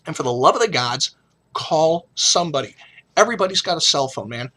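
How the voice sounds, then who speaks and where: Blunt, bright-voiced middle-aged man. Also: on the high side, lively intonation, brisk. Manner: blunt, profane, earnest and emotional. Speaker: vlogger. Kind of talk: frank personal vlog talk.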